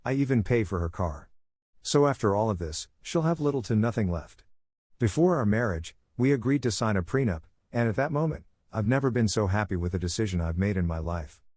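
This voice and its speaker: Low-voiced man reading stories, dry sound. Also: expressive, a little fast, darkish tone, dry recording. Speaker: story narrator. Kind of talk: scripted narration of online posts.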